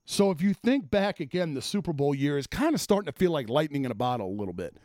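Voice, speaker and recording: A man's voice: a little high, very animated, fast, a little mellow, no room sound, studio quality. A man ranting about sports as a host, blunt and exasperated, swearing freely. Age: adult, former offensive lineman. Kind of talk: profane sports rant.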